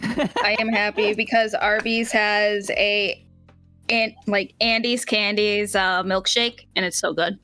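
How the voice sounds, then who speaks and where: Wanita bersuara cerah, ngobrol santai. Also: female voice, medium pitch, little pitch movement, slow pace, pushed and bright, faint music behind. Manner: chatty, wry, trailing fillers. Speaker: podcast co-host. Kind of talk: casual chat.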